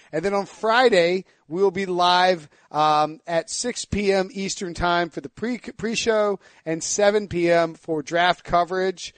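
High-voiced man with Eastern North Carolina drawl. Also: dry recording. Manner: rambling, self-deprecating, quick asides. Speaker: podcast host. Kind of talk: casual sports podcast chat.

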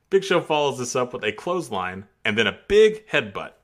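A man's voice: mid-range voice, big pitch swings, normal speed, fairly bright tone. A man on a casual podcast reading a match recap play by play, often breaking into laughs.

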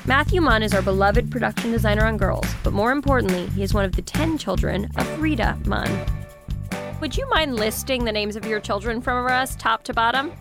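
A woman hosting a casual interview, asking curious, quick follow-up questions. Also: fairly high pitch, over music. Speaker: podcast host.

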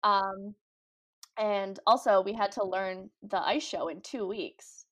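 A woman's voice: medium pitch, steady tone, takes it slowly. A young woman, a guest on a talk show, chatting casually and upbeat with lots of "like" and fillers. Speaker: guest, cruise ship ice skater. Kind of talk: casual interview chat.

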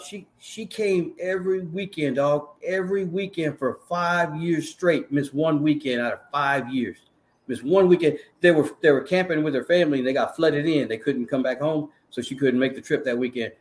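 A man's voice: fairly high pitch, moderate pace. A man in his forties with a Texan accent, a podcast guest telling stories animatedly in street slang. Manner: animated storyteller, acts out quotes, street slang. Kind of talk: casual storytelling interview.

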